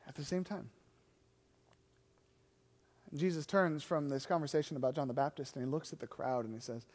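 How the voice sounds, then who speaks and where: A man's voice: fairly high pitch, fairly even intonation, normal speed, darkish tone, big-room sound. A man preaching a sermon as a pastor, telling the story in a conversational way and acting out the voices of the people he quotes.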